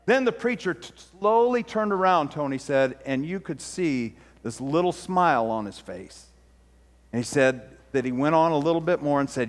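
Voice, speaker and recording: A man's voice: on the high side, normal speed, in a large hall. A man preaching a sermon and telling a story, switching into the voices of the people he quotes with rising intensity. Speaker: pastor. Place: church sanctuary.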